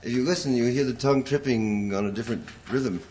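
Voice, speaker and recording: A man's voice: mid-range voice, fast talker, noisy background. A man lecturing a poetry class, rambling and hesitant, chanting rhythms aloud to show them. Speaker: poetry teacher.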